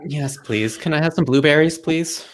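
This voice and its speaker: A man's voice: fairly high pitch, moderate pace, a little hiss or hum, close to an everyday voice. Man as bemused husband, dry, teasing, plain everyday voice, improv comedy.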